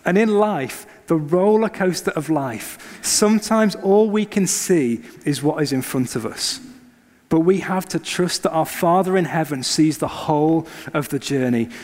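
A man in his thirties delivers a sermon built around a personal story, acting out the scenes with animation. His voice sits fairly high, and a long reverb trails each phrase as in a large church hall. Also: animated, measured pace, a little mellow. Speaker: pastor.

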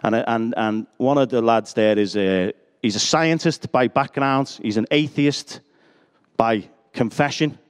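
A man's voice: medium pitch, unhurried, clean tone. A middle-aged man, preaching a sermon full of personal stories and self-deprecating jokes. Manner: chatty, self-deprecating, joking asides.

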